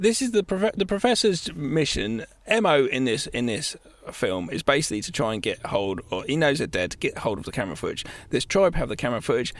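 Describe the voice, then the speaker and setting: A man co-hosting a casual film podcast, retelling scenes in an excitable, animated way. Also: fairly quick, few pauses. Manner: excitable, animated storytelling with sudden jumps in pitch. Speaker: podcast co-host.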